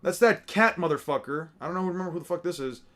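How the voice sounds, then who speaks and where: A man with a slightly high voice talks loosely and profanely. He rambles and mutters names to himself as he reacts, in an offhand, unscripted way. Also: quick pace, fairly bright tone. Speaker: streamer reacting to artwork. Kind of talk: casual commentary.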